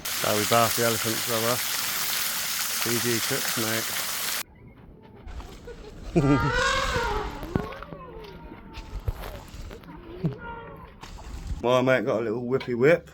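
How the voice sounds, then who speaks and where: A man's voice: mid-range voice, little pitch movement, normal speed, very noisy. A man vlogging casually outdoors at an elephant sanctuary, full of slang and calling everyone mate. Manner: laddish, slangy, says "mate" a lot. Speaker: travel vlogger. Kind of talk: casual vlog chat.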